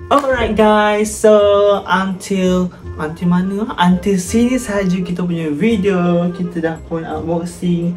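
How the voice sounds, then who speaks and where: A woman in a casual unboxing vlog, her voice sitting low for a woman. She talks chattily, mixing two languages and reading labels aloud, with soft music faintly underneath. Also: fairly even intonation, unhurried, hardly any pauses. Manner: chatty, switching between Malay and English; reads the box text aloud. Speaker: unboxing vlogger.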